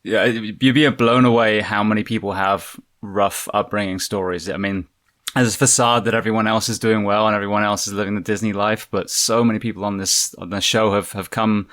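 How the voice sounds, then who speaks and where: Low-voiced male podcast host. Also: fairly even intonation, brisk, fairly bright tone. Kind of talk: interview hosting.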